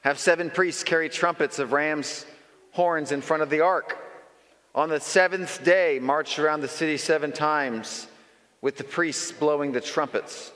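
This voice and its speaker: A man's voice: a little high, measured pace. Man preaching in an echoing hall. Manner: lively storytelling, conversational with asides. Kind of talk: sermon. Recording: long reverb in a large hall.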